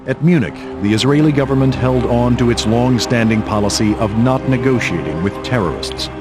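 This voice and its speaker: A man reading scripted documentary narration in a grave, measured way. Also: medium pitch, loud music behind the voice.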